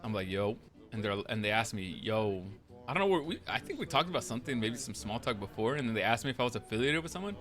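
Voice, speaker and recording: A roleplay streamer with a mid-range, expressive voice races through a casual retelling of events from a roleplay game, barely pausing. He rambles and swears, acting out other people's lines, and the sound is a bit bright.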